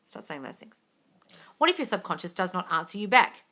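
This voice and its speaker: A woman's voice: on the low side, big pitch swings, fairly quick, sharp tone. A woman hosting a live manifesting Q&A on her phone, reading out viewer questions in a blunt, brassy way, swearing freely and calling people darling. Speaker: host of a manifesting Q&A live stream. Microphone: phone mic on a live stream.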